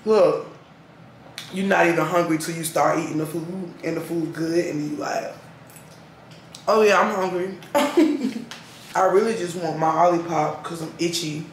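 A woman's voice: low voice, steady tone, normal speed, slight background noise. A woman, chatting casually and drawling asides while reading scripture aloud at home. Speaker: lifestyle vlogger. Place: at home, indoors. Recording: roomy echo.

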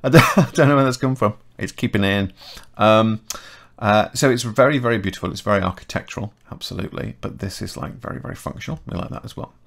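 A middle-aged man explains a 3D modelling tutorial in a casual, chatty way, correcting himself as he goes. His voice sits a little low and carries a gravelly edge. He talks each step aloud as he works. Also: fast, hardly any pauses, a bit bright. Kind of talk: casual screen-recorded software tutorial.

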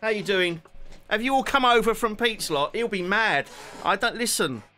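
Bright-voiced London guitarist in his forties. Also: sits high, moderate pace. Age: 40s. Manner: joking, chatty, self-deprecating. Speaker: guitarist streamer. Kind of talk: casual live-stream chat.

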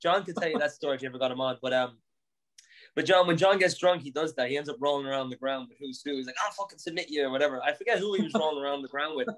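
An Irish man in his thirties, a guest on a podcast, telling lively stories with laughter and casual swearing. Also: medium pitch, racing, low-quality recording. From Ireland. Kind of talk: casual chat, anecdotes.

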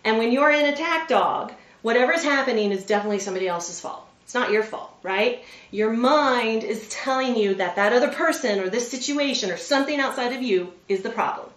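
A woman in her forties, a veterinarian, giving an animated motivational presentation and often checking in with her listeners. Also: a little high, fairly quick. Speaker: veterinarian and public speaker. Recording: roomy sound from a distant mic.

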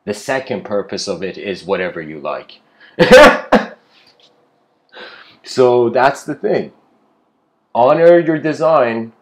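A man's voice: medium pitch, unhurried, a little mellow. A man giving an improvised spiritual lecture, rambling with frequent restarts and casual asides. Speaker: spiritual speaker.

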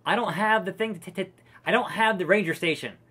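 Bright-voiced ranting male streamer. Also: high-pitched, brisk, breathy edge. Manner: profane, exasperated ranting with restarts. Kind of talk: casual gameplay commentary.

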